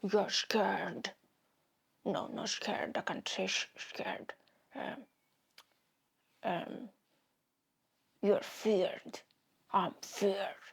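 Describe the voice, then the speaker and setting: A woman with a Greek accent voicing Batman practicing to hide his lisp, hissing and hushed. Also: medium pitch, fairly even intonation, very slow, gravelly, pauses often, breathy edge, exaggerated voice. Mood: fussing.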